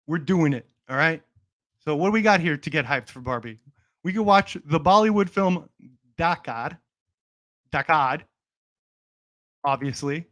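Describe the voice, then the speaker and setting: A man's voice: a little high, a bit bright. Young man hosting a playful, boastful stream. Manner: playful, mock-boastful trolling. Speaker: livestream host. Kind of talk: casual livestream chat.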